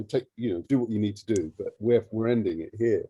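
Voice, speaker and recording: Man, charity head, low husky voice, lively storyteller who acts out dialogue; dry close sound. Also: a little fast, no echo, lo-fi sound. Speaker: charity CEO. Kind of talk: animated storytelling in an interview.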